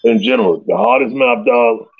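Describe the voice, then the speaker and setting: A man telling stories in casual slangy talk, animated and loose, often laughing. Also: moderate pace, gravelly, breathy edge, no echo, highs cut off. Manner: animated, loose slangy storytelling with big pitch jumps and laughs. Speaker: guest storyteller. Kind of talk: casual storytelling.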